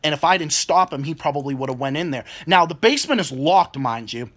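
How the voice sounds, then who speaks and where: Swearing young man ranting, high and lively. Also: a little fast. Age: 20s. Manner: swears constantly, repeats words, mimics people in quotes. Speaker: vlogger. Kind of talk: angry rant.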